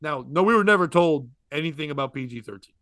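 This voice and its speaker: A man's voice: fairly high pitch, dry recording, clean studio sound. A man telling a long rambling comedy story in casual podcast chat. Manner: rambling, animated, quick asides and laughs.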